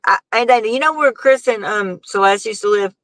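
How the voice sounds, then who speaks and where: A woman's voice: mid-range voice, brisk, fairly bright tone, no echo, low-quality recording. A middle-aged woman, hosting a casual live chat and telling a long, rambling story full of fillers. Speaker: host.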